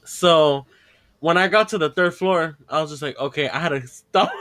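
Male podcast host, slightly high voice, casual profane storyteller. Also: normal speed, a bit bright. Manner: profane, laughing, acts out dialogue in the story.

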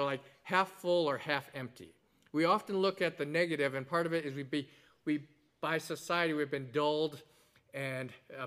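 A man's voice: fairly high pitch, fairly bright tone. A man preaching a sermon in an earnest, explanatory way, with conversational asides and strong emphasis on key words. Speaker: pastor.

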